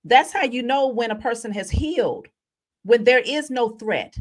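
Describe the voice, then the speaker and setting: A woman hosting a casual spiritual vlog, telling stories in an animated, chatty way. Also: on the high side, normal speed, a little hiss or hum. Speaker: spiritual reader.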